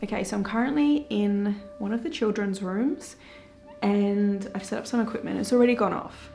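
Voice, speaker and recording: Gravelly-voiced woman ghost hunting. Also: mid-range voice, a little mellow. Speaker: paranormal investigator. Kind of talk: casual vlog narration. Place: old hospital room.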